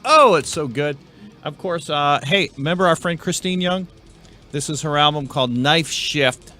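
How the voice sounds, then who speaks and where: A man's voice: a little high, expressive, normal speed, sharp tone, faint music behind. A man hosting a casual chat show, rambling and tripping over band names. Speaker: host.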